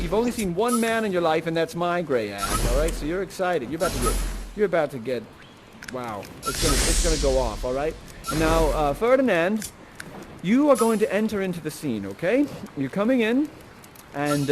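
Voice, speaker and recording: A man playing Prospero and coaching the audience through a comic, improvised Shakespeare scene, playful and hammy. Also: fairly high pitch.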